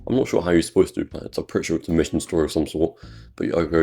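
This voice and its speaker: Very deep gravelly British man. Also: fairly even intonation, rapid-fire, warm tone. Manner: rambling, crude and jokey. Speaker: gaming YouTuber. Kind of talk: casual gameplay commentary.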